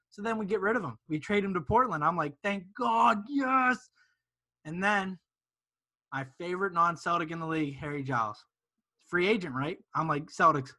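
Man, high voice, bright tone, emphatic, casual podcast co-host. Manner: ranting, emphatic. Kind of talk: casual sports podcast chat.

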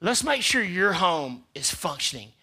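A man preaching a sermon as pastor, repeating phrases for emphasis and swinging between loud emphatic peaks and quiet asides. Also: high-pitched, sing-song, measured pace, husky. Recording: live church service.

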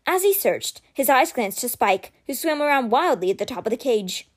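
Brief: woman narrating a children's novel, high voice, lively expressive delivery. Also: normal speed. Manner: expressive, dramatic storytelling. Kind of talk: reading a book aloud.

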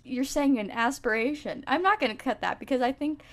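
A woman's voice: sits high, a little fast. A young woman co-hosting a comedy podcast, joking casually, often laughing and trailing off mid-sentence. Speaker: podcast co-host.

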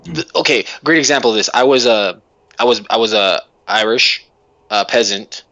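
A man telling stories in casual chat, animated and swearing freely, acting out quotes. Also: fairly low pitch, normal speed, dry recording, lo-fi sound.

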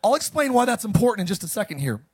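A man preaching a sermon as pastor, reading scripture and calling the congregation to repeat after him, with sudden loud, animated bursts. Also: sits high, racing, breathy edge. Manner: call-and-response, animated with sudden loud lines.

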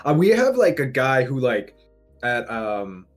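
A man's voice: mid-range voice, very animated, measured pace, soft background music. Young man chatting loosely about gaming. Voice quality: heavy use of "like" fillers, profane. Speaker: competitive gamer. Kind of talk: casual chat.

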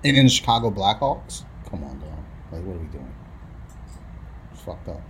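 A young man with a low voice chats loosely on a podcast, full of crude jokes and swearing. A faint hiss sits under the recording. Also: sing-song, moderate pace, fairly bright tone. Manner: crude, joking, swears a lot. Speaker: podcast co-host. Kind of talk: casual chat.

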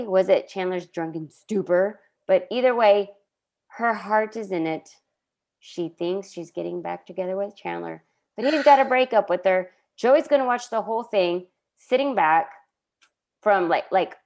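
Unhurried woman podcast co-host. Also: mid-range voice, a little mellow. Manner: unhurried storytelling, acts out quotes. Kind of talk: casual chat recapping a sitcom.

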